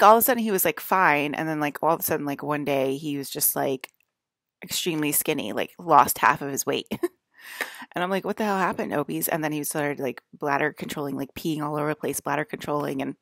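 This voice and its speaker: A woman's voice: low voice, moderate pace, fairly bright tone, dry recording, studio quality. A woman talking to her viewers in a long rambling monologue, packing her speech with "like" and laughing often, seated at a table indoors. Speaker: vlogger.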